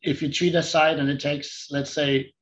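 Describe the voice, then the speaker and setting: A man hosting a technical interview, introducing guests and asking courteous, measured questions. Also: fairly high pitch, little pitch movement, muffled recording. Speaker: host.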